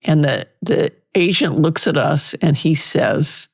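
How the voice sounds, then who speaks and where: An older woman, a litigation lawyer and interview guest, telling lively anecdotes and acting out past exchanges. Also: low voice, slow, gravelly, breathy edge. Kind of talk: storytelling in an interview.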